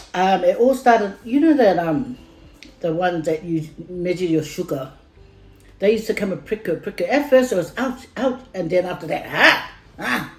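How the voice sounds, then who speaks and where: A middle-aged Samoan-accented woman with a fairly low, slightly mellow voice rambles through a family story for her vlog viewers, packing it with fillers and repeated words and getting heated as she retells it. The recording has a roomy echo with faint music.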